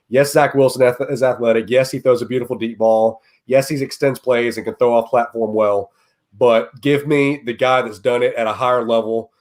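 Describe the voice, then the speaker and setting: A man's voice: medium pitch, a little mellow. A man guest on a sports podcast, arguing his view confidently and laughing easily. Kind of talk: casual podcast chat.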